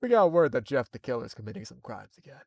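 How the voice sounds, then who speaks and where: A man putting on an impression of a gruff, gung-ho middle-aged cartoon cop, stuck in one emphatic inflection. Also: mid-range voice, big pitch swings, fast, no echo, clean studio sound.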